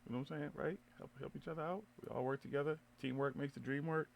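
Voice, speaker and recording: A man's voice: a little high, fairly even intonation, fast talker, gravelly. A man hosting a live internet radio show, chatting loosely with lots of swearing, laughter and stumbling restarts. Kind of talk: casual live show banter.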